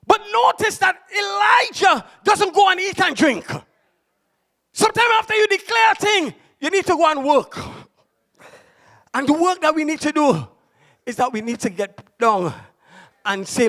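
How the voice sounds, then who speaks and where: A pastor preaches with fervor, swinging between storytelling and shouted declarations. His voice sits unusually high for a man, with a gravelly fry and a lively, swooping pitch. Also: measured pace. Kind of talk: sermon.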